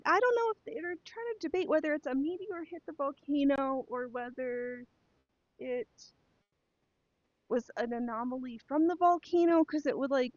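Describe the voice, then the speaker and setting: A woman's voice: high voice, no echo, muffled recording. A woman chatting casually to her live stream while sewing, rambling and talking to herself and her pets.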